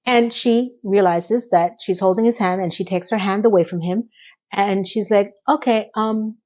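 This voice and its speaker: A woman's voice: medium pitch, a little mellow, lo-fi sound. A woman giving a casual, sassy TV recap, talking straight to the viewer in a chatty way. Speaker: recap vlogger.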